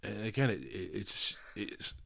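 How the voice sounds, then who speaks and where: A man, a father co-hosting a podcast, talking frankly with swearing and halting restarts. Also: lowish voice, very animated, creaky, fairly bright tone, breathy edge. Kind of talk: candid podcast chat.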